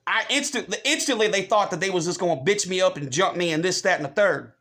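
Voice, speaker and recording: Vlogger, male, fairly high voice, heated and profane, repeats his points. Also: lively intonation, fast talker, sharp tone. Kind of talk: angry rant to camera.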